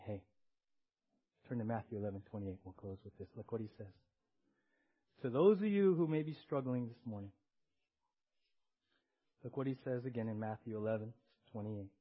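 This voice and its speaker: A pastor preaching a sermon, swinging between loud emphasis and hushed asides. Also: male voice, mid-range voice. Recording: dull lo-fi church audio recording.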